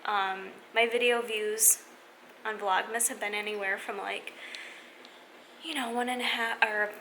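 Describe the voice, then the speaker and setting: A young adult woman vlogging to camera, speaking in an earnest, halting way with many restarts. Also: mid-range voice, fairly even intonation, bright, forceful tone, slight background noise, poor audio. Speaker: fitness vlogger. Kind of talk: casual vlog talk to camera.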